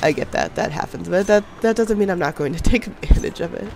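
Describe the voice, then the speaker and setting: This young gameplay commentator, nose stuffy from a cold, narrates his own game in a casual voice-over, chatting, laughing often and joking at his own expense. He talks fast in a high-pitched, creaky, slightly mellow voice, with faint music playing behind him.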